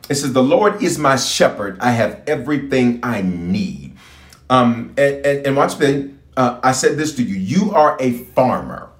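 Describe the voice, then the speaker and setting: A man's voice: medium pitch, reverberant. A man who is a bishop, preaching and praying with fervent call-and-response and lots of repetition. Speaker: bishop and pastor.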